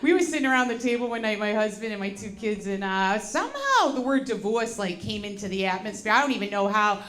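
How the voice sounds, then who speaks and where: A woman's voice: medium pitch, lively intonation, fast. A woman in her forties performing stand-up comedy, brash and profane, laughing often as she tells her stories. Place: comedy show with laughing audience. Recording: echoey live venue with loud background noise.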